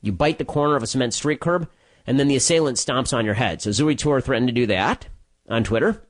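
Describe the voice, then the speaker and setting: A man delivering a solo commentary monologue, telling a story quickly with restarts and sarcastic, mocking asides. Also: mid-range voice. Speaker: political commentator.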